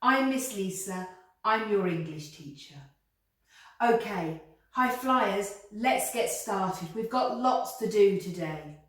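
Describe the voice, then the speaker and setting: A woman teaching children a slow English phonics lesson, sounding out letters clearly and encouraging them to repeat. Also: mid-range voice, animated, a bit bright. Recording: very echoey room, voice from a distance.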